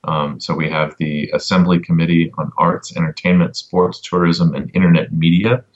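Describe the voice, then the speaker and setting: A man on a casual podcast giving an advocacy update, halting with many ums and restarts and a dry sense of humor. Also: low-pitched, flat delivery, lo-fi sound.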